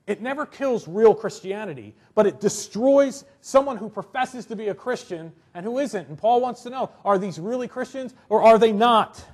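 A man's voice: high-pitched, animated, moderate pace, hardly any pauses, husky. A man preaching a sermon in a conversational way, acting out little quotes and often asking "right?". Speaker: pastor.

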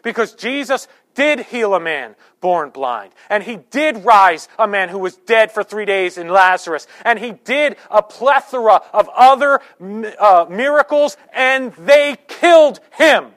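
Animated high-voiced preaching man. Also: a little slow, few pauses. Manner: animated, joking, conversational preaching with sudden loud bursts. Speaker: pastor. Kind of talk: sermon. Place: church sanctuary.

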